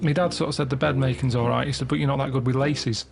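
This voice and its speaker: A man co-hosting a comedy radio show, telling rambling stories in a deadpan way. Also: medium pitch, fast, creaky, background noise. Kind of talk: casual comedic radio chat. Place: radio studio.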